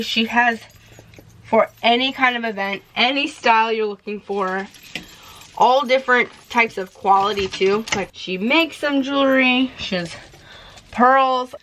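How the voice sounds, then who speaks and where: A woman's voice: on the high side, unhurried, fairly bright tone, a little hiss or hum. A young woman rambling and giggling as she chats casually to the camera in a vlog. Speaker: vlogger.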